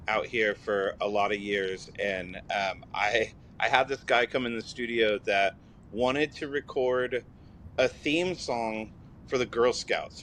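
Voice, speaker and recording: Man, mid-pitched voice, relaxed storyteller, casual chat, faint rumble. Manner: loose anecdotal storytelling, relaxed.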